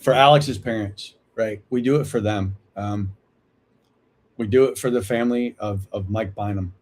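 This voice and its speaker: A man's voice: on the low side, fairly even intonation, normal speed, darkish tone. A man in his fifties hosting a live talk, earnest and reflective, often checking in with "right?". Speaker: host of a veterans support livestream.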